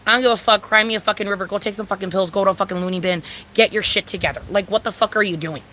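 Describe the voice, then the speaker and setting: Young woman, casual vlog rant, bright forceful voice, heated and profane, faint background noise. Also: medium pitch, steady tone, rapid-fire. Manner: heated, profane, repetitive ranting. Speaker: vlogger.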